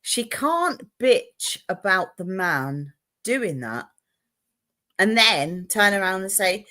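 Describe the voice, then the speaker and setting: Slow, lively gossiping woman. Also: medium pitch. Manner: gossipy storytelling, swears freely. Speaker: podcast host. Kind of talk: casual chat.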